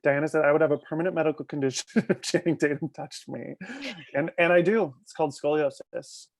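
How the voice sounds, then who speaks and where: This man speaks with a fairly high pitch, a steady tone and some vocal fry. As a guest on a casual live stream, he shares gossip in quick stories, punctuated by frequent bursts of laughter.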